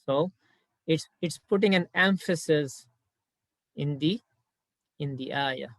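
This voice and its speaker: A man gives a patient grammar lesson in a slightly raised voice. He repeats key points and recites short verses at a quick clip. The sound is dry and close. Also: fairly high pitch, fairly bright tone, dry recording. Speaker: Quran grammar teacher. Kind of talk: explaining Arabic grammar lesson.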